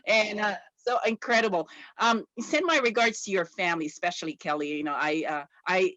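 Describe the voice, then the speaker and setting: A woman's voice: mid-range voice, a bit bright, no room sound, dull audio. Gushing woman interviewer, dry sound. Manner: effusive, gushing, halting restarts. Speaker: interviewer and host. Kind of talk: casual interview chat.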